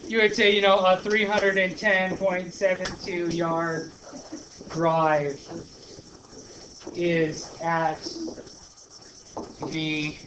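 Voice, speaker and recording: A male teacher working through a problem step by step in a classroom lesson, chatty and thinking out loud. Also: high-pitched, monotone, very slow, long pauses, highs cut off. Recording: noisy classroom recording.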